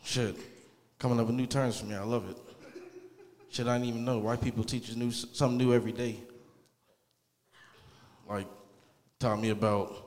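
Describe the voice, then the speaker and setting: A man doing a rambling, crude open-mic stand-up set in a small comedy club. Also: lowish voice. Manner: rambling, crude and laid-back. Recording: club mic with long reverb.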